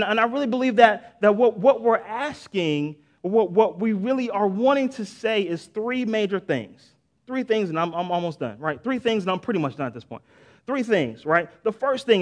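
A middle-aged male pastor preaching a sermon in a casual, conversational way, often saying "man" and "right?", with restarts and sudden bursts of emphasis. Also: high-pitched.

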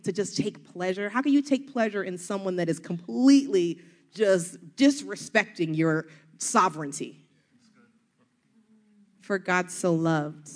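A woman's voice: mid-range voice, measured pace. A middle-aged woman with a Southern US accent, preaching an earnest, encouraging sermon full of rhetorical questions.

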